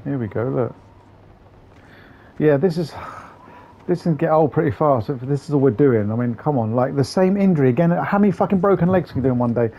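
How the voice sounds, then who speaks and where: A man's voice: a little high, expressive, fairly quick, dull audio. A man hosting a gaming channel, giving chatty, profane, grumbling let's-play commentary. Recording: game engine noise behind voice.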